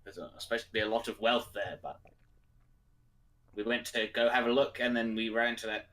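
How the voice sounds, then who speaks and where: A man's voice: medium pitch, fairly even intonation, a little fast, a bit bright, natural voice. A man voicing a wounded male adventurer who stumbles and hesitates over his words, a bit distant from the mic. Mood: hesitant.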